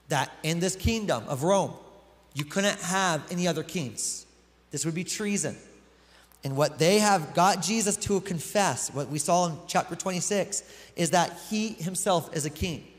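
A man preaching in a large hall, his voice a little higher than most men's. He talks earnestly and directly to the congregation, and a long reverb trails behind every phrase. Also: normal speed. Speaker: pastor. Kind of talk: sermon reading scripture.

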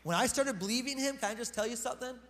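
Pastor guy preaching, high pitched, chatty and emphatic, big hall reverb. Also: quick pace, a bit bright. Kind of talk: sermon. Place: church hall.

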